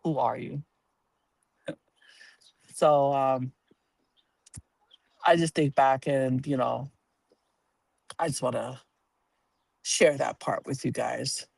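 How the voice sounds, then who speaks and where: Animated storytelling man, dry close sound. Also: mid-range voice, slow pace, vocal fry, long pauses, slightly rough, no echo. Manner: animated, acts out quoted voices, laughs while telling; blunt, swears casually. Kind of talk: personal storytelling to a live audience.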